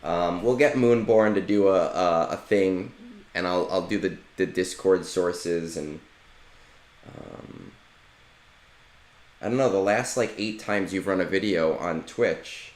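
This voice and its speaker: This man, low-pitched and recorded with a roomy sound, plays a game on stream and talks casually with his audience, loose and liberally profane.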